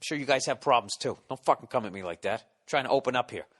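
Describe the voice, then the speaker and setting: A man in his forties, a comedy podcast host, rambling through a profane, animated story into a studio mic. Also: mid-range voice, fast talker. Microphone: studio mic with windscreen.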